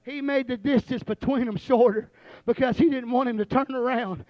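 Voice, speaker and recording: A man preaching with a very high voice. He moves from low, quiet storytelling to shouted, stretched-out refrains that he repeats again and again. The sound is close and dry, with no room echo. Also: fairly even intonation, normal speed, few pauses. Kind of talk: sermon.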